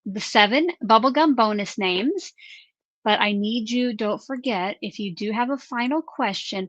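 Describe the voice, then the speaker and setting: A woman co-hosting a crafting livestream in a casual, chatty way, answering viewer questions and announcing giveaway winners with drawn-out reveals. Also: medium pitch, fairly bright tone, no echo. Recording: slightly muffled dry livestream audio.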